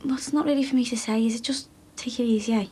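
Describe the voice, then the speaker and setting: A woman's voice: a little high, steady tone, rapid-fire, mellow, slightly rough. An actress playing a protective, guarded young woman in a TV soap drama, speaking earnestly.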